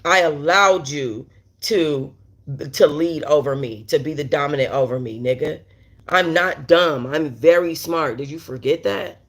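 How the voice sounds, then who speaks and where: A woman with a low, slightly slow voice hosts a storytime livestream, telling a story blunt and exasperated, swearing throughout. She often breaks off to address viewers directly and react to live chat as it arrives, full of asides.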